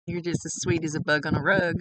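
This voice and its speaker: A woman's voice: sits low, level tone, fast talker, a bit bright, rough recording. A woman working as a psychic medium, chatting casually through a reading, relaying messages and laughing often. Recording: heavy background noise.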